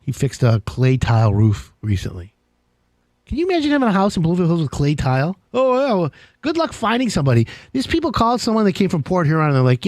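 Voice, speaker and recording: Excitable man hosting a live show. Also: high voice, fast talker, dry recording. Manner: excitable, jokey, rambling. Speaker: radio show host. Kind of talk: casual live call-in show chat.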